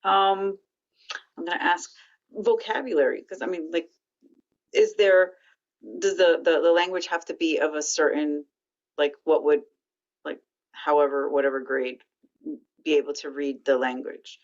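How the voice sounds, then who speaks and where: A woman's voice: low voice, steady tone, measured pace, long pauses. A woman interviewing an author for a library, asking rambling, hesitant questions full of ums. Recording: dull lo-fi sound.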